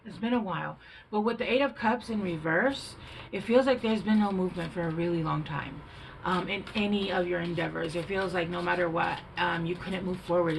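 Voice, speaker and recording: A woman's voice: lowish voice, vocal fry, noisy background. A woman doing a casual tarot reading, chatty and rambling, thinking aloud with fillers, recorded at home on a camera mic. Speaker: tarot reader.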